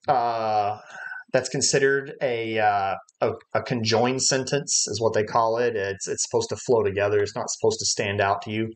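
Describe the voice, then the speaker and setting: A man's voice: on the low side, fairly even intonation, moderate pace. A man leading a livestreamed Bible study lesson, explaining Greek words step by step and thinking aloud with frequent "uh" fillers. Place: church livestream.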